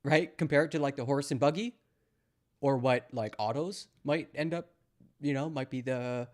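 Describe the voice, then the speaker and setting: A man's voice: medium pitch, moderate pace. A young man from Canada commenting casually on news clips, sarcastic and mocking, rambling with lots of fillers. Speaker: streamer reacting to news clips.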